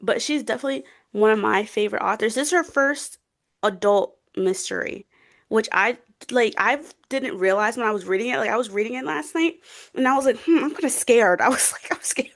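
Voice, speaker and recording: A woman's voice: fairly high pitch, fairly quick. A young adult woman co-hosting a book chat, bubbly and gushing, full of fillers and giggles. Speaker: co-host of a book podcast. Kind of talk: casual chat.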